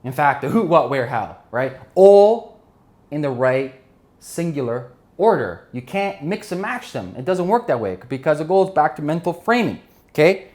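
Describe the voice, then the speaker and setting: A man giving an energetic business lesson while drawing on a board, often checking in with his listeners. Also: a little high, moderate pace. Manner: energetic, keeps checking in with "right?" and "okay?". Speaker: business instructor.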